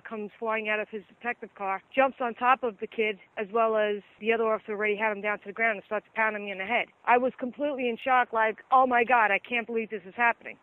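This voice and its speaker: Lady officer on a phone line, tinny sound, telling what happened in detail, quoting everyone. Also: fairly high pitch. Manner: detailed, emphatic storytelling with quoted dialogue. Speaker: police officer, interview guest. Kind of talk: phone-in interview, recounting an incident. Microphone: telephone.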